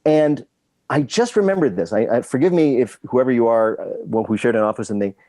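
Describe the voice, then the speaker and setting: A man's voice: mid-range voice, lively intonation, brisk, dark tone, no room sound. A man telling rambling, self-deprecating stories as a guest in a casual interview. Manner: rambling storyteller, self-deprecating, with frequent restarts. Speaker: guest screenwriter.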